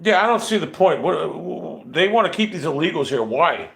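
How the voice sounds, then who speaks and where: A man's voice: fairly high pitch, animated, fairly quick, gravelly, a bit bright. A man in his fifties hosting a casual livestream, talking in a profane, rambling and irritated way. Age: 50s. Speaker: livestream host.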